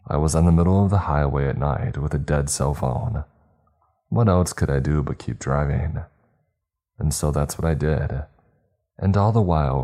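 A man narrating a scripted horror story in a measured, tense way. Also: extremely low pitch, dark tone. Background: faint music.

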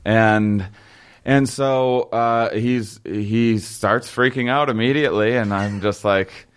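A young man telling a long story in casual chat, halting and rambling with many fillers and restarts. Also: fairly low pitch, smooth.

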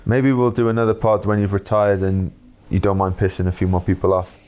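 Welsh podcast host, chill and matey, lowish voice. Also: male voice, level tone, brisk, a little mellow. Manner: easygoing, laughs often, matey. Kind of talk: casual chat.

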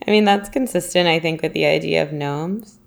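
A woman's voice: sits low, brisk, creaky. A woman in casual chat as a co-host, asking curious questions and laughing easily.

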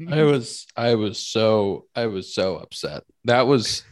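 A man co-hosting a podcast, chatting casually and telling animated stories, repeating words for emphasis. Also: lowish voice, takes it slowly. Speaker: podcast co-host, pro baseball player. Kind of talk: casual chat.

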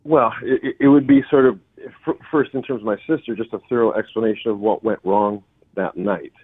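A man speaking as a guest by phone, halting and stammering as he talks earnestly. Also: on the low side, steady tone, slightly rough, no room sound. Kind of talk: phone interview. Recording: tinny phone line.

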